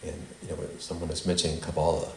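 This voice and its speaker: Teaching a small group in a spiritual center's meeting hall, this man talks fast in a low, gravelly voice with a completely flat delivery. His teaching meanders, and he leads a call-and-response recitation where the group repeats after him, amid echo and faint noise.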